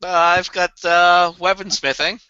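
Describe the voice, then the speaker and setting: Man, tabletop player, wry, very bright and sharp tone, dry lo-fi sound. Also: high-pitched, little pitch movement, a little slow, smooth, no room sound. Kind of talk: in-character tabletop role-play. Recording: dry, dull lo-fi recording.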